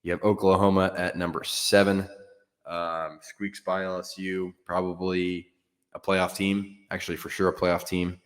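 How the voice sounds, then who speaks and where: A man's voice: sits low, flat delivery, unhurried, long reverb tail. A man hosting a solo sports show, talking in a frank, offhand way with fillers and some mild cursing. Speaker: sports podcast host. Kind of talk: casual solo sports commentary.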